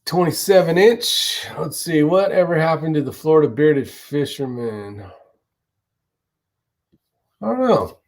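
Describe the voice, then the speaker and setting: A man's voice: a little high, expressive, unhurried, long pauses, a little mellow. A man hosting a casual live stream, chatting loosely, greeting viewers and answering their questions. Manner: chatty, rambling, swears casually. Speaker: livestream host. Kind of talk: casual live chat reading viewer comments.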